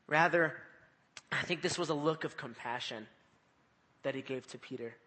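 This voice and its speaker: A man's voice: a little high, normal speed, pushed and bright. A man preaching a conversational evening sermon in church, repeating his phrases and putting questions to the listeners. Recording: long reverb of a hall.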